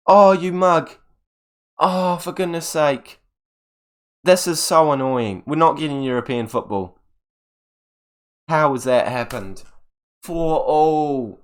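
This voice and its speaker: A young man commentating on his own video game, exasperated and swinging between loud outbursts and low muttering. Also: unhurried, long pauses. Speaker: gaming video creator. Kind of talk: live gameplay commentary.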